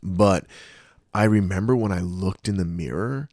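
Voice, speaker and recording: A man's voice: low-pitched, measured pace, dry recording, clean studio sound. A man co-hosting a podcast, telling stories in casual chat and acting out what others said, with plenty of swearing. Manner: animated storyteller, acts out quotes, swears often. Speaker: podcast co-host.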